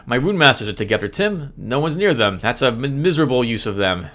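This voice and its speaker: A man's voice: mid-range voice, animated, fairly quick, few pauses, fairly bright tone. A man giving chatty gameplay commentary as host, laughing often and sounding sheepishly apologetic. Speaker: let's play host.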